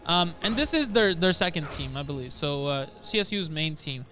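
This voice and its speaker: A man casting a live esports match, excitable and breaking into loud shouts during big plays. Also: a little high, moderate pace, music in the background. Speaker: esports caster.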